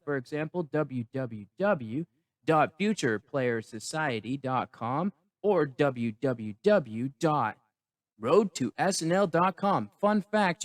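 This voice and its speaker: A man's voice: a little high, no room sound. A man hosting a casual review show, talking in a playful, rambling, mock-self-important way. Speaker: podcast host. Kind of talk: casual comedic review chat.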